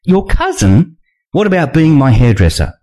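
A man voicing a shy, sweet young woman who talks in hushed, shocked whispers. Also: deep voice, sing-song, moderate pace, pitched above the performer's own voice. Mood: quiet.

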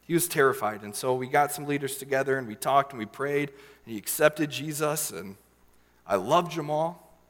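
A young man telling a personal story in a sermon, earnest and emotional, with many fillers and pauses. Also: mid-range voice, a bit bright, long reverb tail. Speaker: youth leader giving a sermon.

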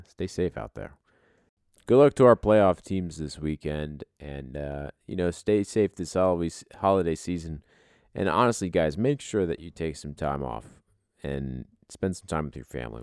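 Brief: very low, gravelly male podcast host, casual and profane, dry close sound. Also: a little mellow, dry recording. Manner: laid-back, profane, rambling with fillers. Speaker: podcast host, league commissioner.

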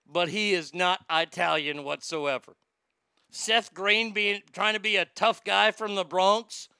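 A man hosting a podcast in casual chat, reading out listener comments and ranting bluntly and profanely, swinging between loud outbursts and low mutters. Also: steady tone, measured pace, vocal fry, clean tone, no echo, studio quality. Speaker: podcast host.

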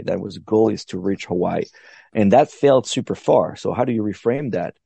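A man with a low voice and a gravelly edge speaks as a podcast guest. His tone is dark and mellow, and the sound is dry and close. He explains thoughtfully, step by step, and often restarts his sentences. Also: normal speed, dry recording. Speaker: podcast guest, long-distance paddler. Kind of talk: reflective interview talk.

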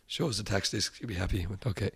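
He's an Irish musician being interviewed, and his husky, lowish voice races along at a very fast clip. His anecdotes are lively and casual, full of impersonated voices and frequent laughs.

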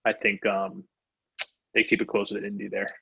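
A man co-hosting a podcast, making sports betting picks in a casual chat with a flat, subdued delivery. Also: fairly low pitch, normal speed, vocal fry, slightly rough, lo-fi sound. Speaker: podcast co-host.

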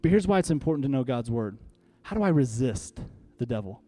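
A pastor preaches emphatically, using props on stage, posing rhetorical questions, and having the congregation repeat lines after him. His medium-pitched voice is very animated, brisk, and dark in tone.

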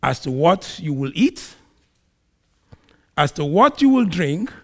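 A man preaching a sermon, acting out quoted speech with big swings in volume and pitch. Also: very animated, slow pace. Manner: acts out quoted speech in a raised voice. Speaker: pastor.

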